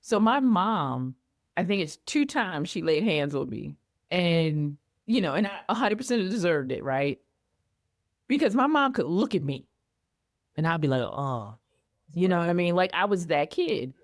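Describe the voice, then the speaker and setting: Middle-aged woman guest, candid storyteller, acts out her reactions, slightly low voice, dry close sound. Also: moderate pace, no echo. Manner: animated, acts out her own past reactions.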